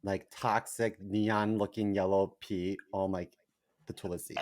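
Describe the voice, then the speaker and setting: A man's voice: low voice, little pitch movement, a little slow, darkish tone. A man co-hosting a comedy podcast, talking in a sassy, flamboyant, gossipy way in casual chat. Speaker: podcast co-host.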